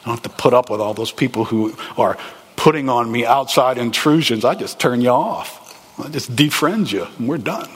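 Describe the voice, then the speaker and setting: A man preaching a sermon as a pastor, animated and conversational, asking the congregation rhetorical questions. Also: mid-range voice, moderate pace, husky. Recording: echoey hall, long reverb.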